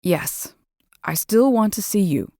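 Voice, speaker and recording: A woman's voice: medium pitch, expressive, slow pace, dark tone, no room sound, clean studio sound. A woman voicing a stern, brooding young man who growls his words through his teeth in an audiobook. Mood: pained. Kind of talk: audiobook character voice.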